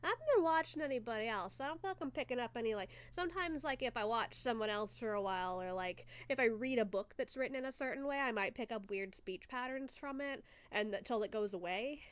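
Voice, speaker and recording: A woman's voice: a little high, fast talker, hardly any pauses, clear, resonant tone, no room sound. A sick, congested woman chatting casually on a livestream, giggly and joking crudely. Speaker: streamer hosting a movie watchalong.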